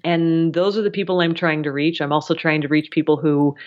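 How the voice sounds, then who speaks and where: A woman journalist, a guest on a podcast, explaining her work in a friendly, lively way. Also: low voice, fairly quick, dull audio. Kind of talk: casual interview chat.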